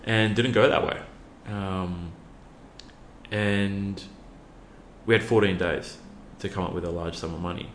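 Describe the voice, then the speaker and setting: A man's voice: low-pitched, fairly even intonation, measured pace, roomy sound, a little hiss or hum. A man, a youth worker, telling a personal story earnestly with many fillers and restarts. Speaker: podcast guest, youth worker.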